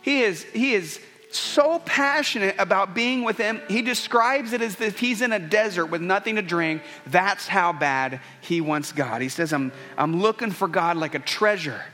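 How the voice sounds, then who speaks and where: A man's voice: high-pitched, normal speed, few pauses, bright, forceful tone, faint music behind. A man preaching a conversational, earnest sermon, often restarting his sentences. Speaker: pastor.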